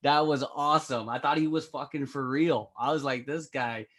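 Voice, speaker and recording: A man's voice: mid-range voice, normal speed, fairly bright tone. Brash profane man doing stand-up. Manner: brash, profane, rambling storytelling. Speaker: comedian guest. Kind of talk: stand-up set on a live stream.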